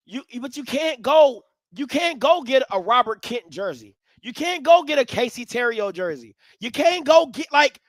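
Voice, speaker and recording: A man hosting a live sports talk stream, swinging from low musing to loud, animated ranting. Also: no room sound. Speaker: sports commentary host.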